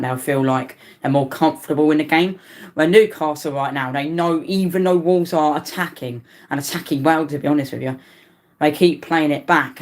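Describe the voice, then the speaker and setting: Young male fan commentator, late teens, tired, stumbling play-by-play that spikes up excitedly. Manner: excitable play-by-play that jumps up in pitch on attacks; rambling, with stumbles and restarts. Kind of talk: live match watch-along commentary.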